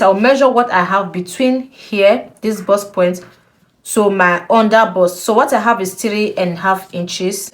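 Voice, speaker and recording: A young woman giving a patient step-by-step sewing tutorial, repeating key points and checking in with the viewer. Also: mid-range voice. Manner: slow, patient, repeats instructions with frequent "okay?". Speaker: sewing instructor.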